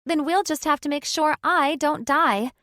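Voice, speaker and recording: A woman's voice: high voice, moderate pace, bright, forceful tone, no room sound, studio quality, voice pushed up. A woman doing a cocky fanged she-demon.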